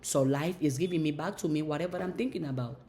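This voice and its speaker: A woman's voice: deep voice, fast, dark tone, slight background noise. A woman giving a motivational monologue in an emphatic, repetitive, preaching manner. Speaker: motivational speaker.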